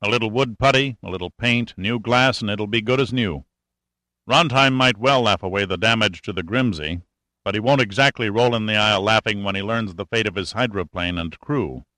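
A man's voice: fairly low pitch, brisk, pushed and bright, dry recording. A man voicing a blunt, impatient older male commander in an audiobook, talking brusquely. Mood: wry.

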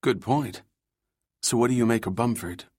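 A man voicing a sharp, sarcastic young woman operative in an audiobook. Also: mid-range voice, husky, no room sound, clean studio sound, close to an everyday voice. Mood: wry. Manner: sarcastic, quick quips.

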